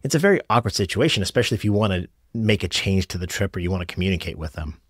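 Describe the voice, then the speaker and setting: Low-voiced American man chatting on a podcast. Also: expressive, very fast, no room sound, studio quality. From United States. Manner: conversational, rambling with restarts and asides. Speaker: podcast host and rideshare driver. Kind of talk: casual solo podcast talk.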